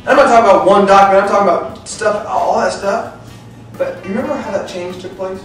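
A man's voice: sits high, fairly quick, recorded from a distance. Man, thirties, leadership seminar talk, playful, acts out scenes, very echoey hall, faint music behind. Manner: animated, acts out scenes, laughs often. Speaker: motivational speaker.

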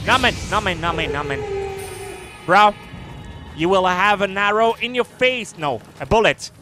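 A man with a high, wildly swinging voice commentates his gameplay, yelling reactions at enemies. He talks at an unhurried pace between his outbursts. Game music plays clearly behind him. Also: lively intonation. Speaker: gamer. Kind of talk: let's play commentary.

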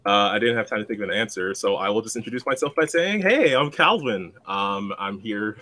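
A man's voice: on the low side, fast talker, pushed and bright. A man introducing himself as a player on a game stream, rambling and self-deprecating in casual chat.

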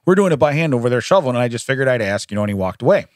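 Animated laughing man telling a story. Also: mid-range voice, rapid-fire, no room sound, studio quality. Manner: animated, laughing often, acts out quoted voices. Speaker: podcast co-host. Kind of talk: casual storytelling chat. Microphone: studio microphone.

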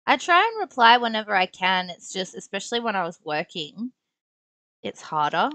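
A woman's voice: mid-range voice, big pitch swings, normal speed, pushed and bright, no echo. A young woman streamer chatting casually and playfully while building tiny block figures, talking to herself as she works.

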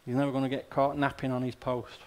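A man's voice: mid-range voice, little pitch movement, fast. A male pastor delivering a sermon in a conversational, plain-spoken way, often tossing rhetorical questions and wry asides to the congregation. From Australia.

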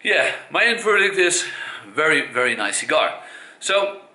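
A little high and a little slow, this man's bright, forceful voice is very animated as he gives a casual cigar review. He has a Dutch accent, comes from the Netherlands, and hesitates often with fillers and self-corrections, in an echoey room.

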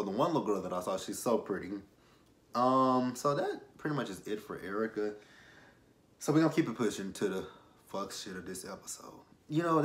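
A young man reviewing a reality show, rambling and self-correcting as he tells emotional personal stories. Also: lowish voice. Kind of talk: casual commentary with personal stories.

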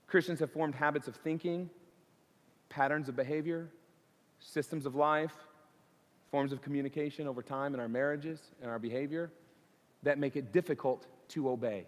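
A man's voice: on the high side, fairly even intonation, normal speed. A male pastor preaching an earnest sermon, building intensity through repeated phrases. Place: church sanctuary. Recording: long church reverb.

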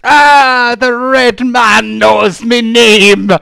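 A man's voice: extremely high pitch, level tone, extremely slow, vocal fry, sharp tone, clear, resonant tone, dry recording, voice pushed up, full character voice. A man voicing an unhinged middle-aged female pirate hermit who shrieks and rants in a wild piratical voice. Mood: suspicious.

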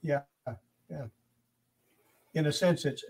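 A man's voice: a little high, normal speed, darkish tone, slightly rough, low-quality recording. An older man hosting a conversational interview, speaking emphatically and repeating phrases for stress. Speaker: interview host.

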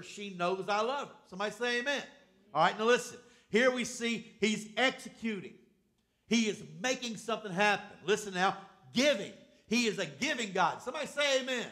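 An older preacher with a notably high voice for a man. He preaches emphatically and keeps calling on the congregation to say amen. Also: a bit bright. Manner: emphatic, calls for amens from the congregation. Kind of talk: sermon.

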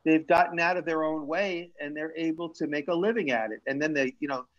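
A man hosting and making a show chats casually on a live stream, rambling with frequent restarts and fillers. His voice is a little high and a little fast, captured in lo-fi stream audio.

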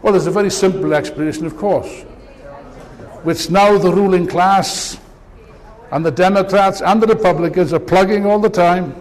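A man's voice: high-pitched, moderate pace, a little mellow. A man giving an impassioned political speech to an audience, with mocking asides. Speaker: political speaker. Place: large meeting hall. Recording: long reverb of a hall.

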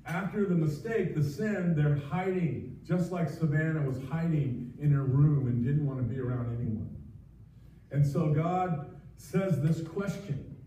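A man's voice: on the high side, measured pace, mellow. A man preaching a sermon as pastor, earnest and pleading, with frequent restarts. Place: church sanctuary. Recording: distant, echoey, muffled livestream audio.

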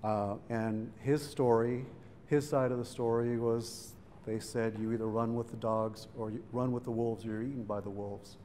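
At a museum event hall, a middle-aged man tells a family story to a public audience, chatting conversationally and acting out the voices of the people he quotes. His mid-range voice is warm, with fairly even intonation and a normal pace. The recording carries hall reverb and faint background noise.

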